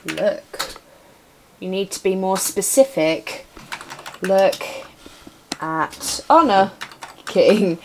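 A young woman plays a retro adventure game live, bantering with her chat in a playful, unhurried way. Keyboard typing clicks under her voice. A faint hiss runs through the recording. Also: medium pitch, animated. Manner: playful, chatting to viewers while typing commands. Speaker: game streamer. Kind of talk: casual live-stream commentary.

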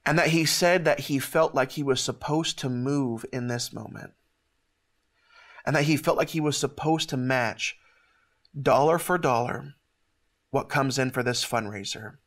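A man hosting a ministry show, giving an emotional testimony in an earnest, halting way with many restarts, near tears. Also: mid-range voice, fairly bright tone.

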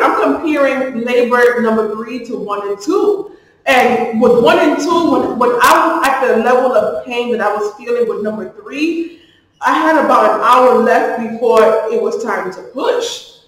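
A woman's voice: a little high, moderate pace. A woman in her thirties tells a story straight to the camera in a loose, chatty way, acting out the dialogue as she goes. She sits back from the mic, and the room around her rings with a long echo. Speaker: vlogger. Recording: echoey room from a distance.

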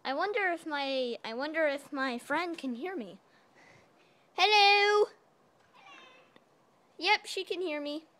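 Woman vlogger, high and light voice, playful home-video ramble, calls out loudly at times. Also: lively intonation, normal speed, few pauses.

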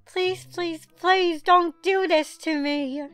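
A woman talks through her card pulls in a mobile game in a very high, bright voice. She speaks slowly and goes from pleading to dramatic outbursts. Faint game music plays behind her. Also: steady tone, dry recording. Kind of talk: casual gaming commentary.

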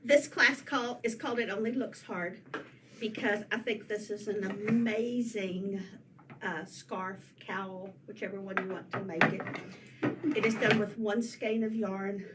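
A woman teaching a knitting class, measured and descriptive. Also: mid-range voice, fairly even intonation. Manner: measured, descriptive, warm about yarn. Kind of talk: casual class presentation. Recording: distant mic with room noise.

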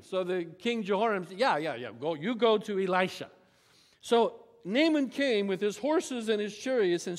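A male pastor preaching a sermon, telling the story with animated asides and acted-out quotes. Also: high-pitched. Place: church sanctuary. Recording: church hall reverb.

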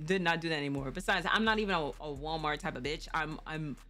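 Young woman, low voice, bright tense tone, profane storytelling, faint music. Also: fast. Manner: candid, profane, laughing storyteller. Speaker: streamer. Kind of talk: casual storytime chat.

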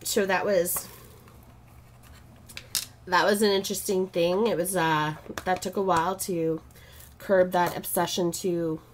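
A woman's voice: fairly low pitch, fairly even intonation, measured pace, long pauses, slight background noise. A married woman chatting casually while she draws, rambling through stories and laughing often. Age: adult, married. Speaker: art vlogger. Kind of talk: casual chat while drawing.

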